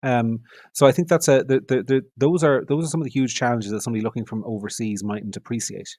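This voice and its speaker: A man's voice: mid-range voice, steady tone, fast talker, darkish tone, no echo. A middle-aged Irish man with an Irish accent, giving long, analytical answers as a podcast guest and repeating phrases for emphasis. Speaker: guest, media editor.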